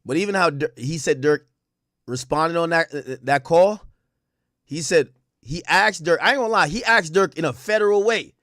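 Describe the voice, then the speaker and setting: A man giving casual, animated commentary on courtroom testimony, speaking in heavy slang and repeating his points for emphasis. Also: sits high, moderate pace, no room sound, studio quality.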